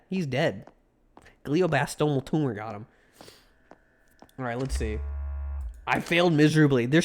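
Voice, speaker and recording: A man's voice: mid-range voice, a little hiss or hum. A man streaming a video game live, giving casual commentary, joking and swearing as he talks back to the game.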